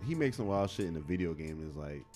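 A young man co-hosting a podcast, talking casually in an animated, slangy way and laughing often. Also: deep voice, fast, soft background music. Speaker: podcast co-host. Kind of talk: casual chat.

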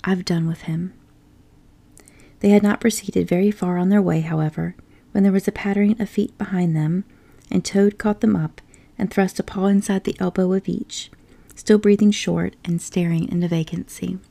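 A woman reading a classic storybook aloud in a soft, unhurried whisper, as a whispered role-play. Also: medium pitch, steady tone, vocal fry. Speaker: storybook reader.

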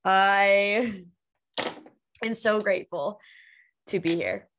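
Young woman, podcast host, unhurried delivery, mid-pitched voice, emotional, profane, casual. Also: fairly bright tone. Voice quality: emotional, laughing, swears freely. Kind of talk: unscripted casual podcast talk.

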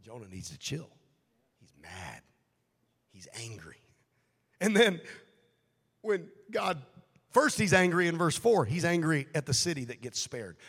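A man preaching a sermon as pastor, shifting from quiet, hushed passages to loud, shouted appeals, acting out the voices he quotes. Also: on the high side, in a large hall. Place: church sanctuary.

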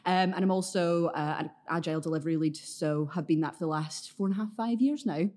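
A woman in her thirties with a Glaswegian accent, chatting as a podcast guest, self-deprecating and quick to laugh. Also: lowish voice, a little mellow. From Scotland, Glasgow area. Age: 30s. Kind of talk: casual interview chat.

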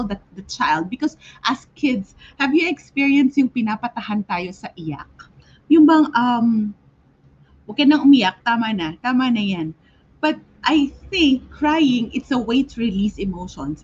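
Husky Filipino woman hosting a livestream. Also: a little high, a little mellow. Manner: switches between English and Tagalog, asks viewers to repeat after her. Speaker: livestream host, counselor. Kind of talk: live-streamed talk to viewers. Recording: dull lo-fi stream audio.

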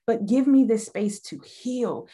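A woman's voice: fairly high pitch, unhurried, warm tone, breathy edge. Emphatic, preacherly woman on faith. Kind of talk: faith-based conversation.

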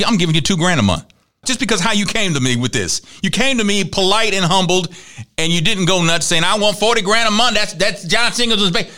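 Bright-voiced man riffing on the news. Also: a little high. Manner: chatty, wry asides, laughs at his own jokes. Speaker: talk show host. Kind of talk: casual news and celebrity gossip commentary.

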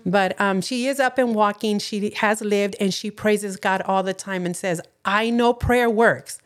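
A woman's voice: medium pitch, measured pace. Californian woman on a chat podcast, earnest, telling a faith story, acts out the voices. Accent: Californian English. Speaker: podcast co-host. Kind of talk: personal testimony in casual chat.

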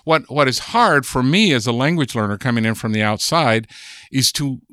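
A man's voice: mid-range voice, expressive, normal speed, pushed and bright, no echo. An American man, a guest linguist on a podcast, explaining ideas patiently and thinking aloud as he goes. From United States. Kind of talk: podcast interview.

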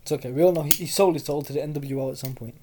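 A woman's voice: low-pitched, rapid-fire, mellow, a little hiss or hum. A woman co-hosting a podcast in casual chat, teasing and playfully boastful. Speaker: podcast co-host.

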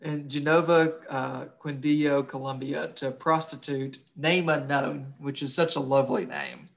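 A man's voice: mid-range voice, unhurried, vocal fry. A young man co-hosting a casual true-crime podcast, crude and swearing freely, laughing while he tells grim facts. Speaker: podcast co-host.

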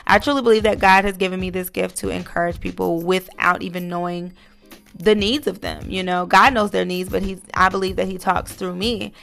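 A woman's voice: lowish voice, steady tone, brisk, gravelly, fairly bright tone, soft background music. A woman hosting her own podcast, talking earnestly in a casual, encouraging monologue with lots of fillers. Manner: earnest, motivational, many fillers. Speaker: podcast host.

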